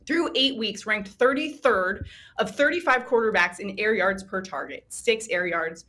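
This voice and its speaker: Bright-voiced woman breaking down football stats. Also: mid-range voice. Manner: excited, stat-heavy, quick to laugh. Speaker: sports betting host, guest. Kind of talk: sports analysis talk.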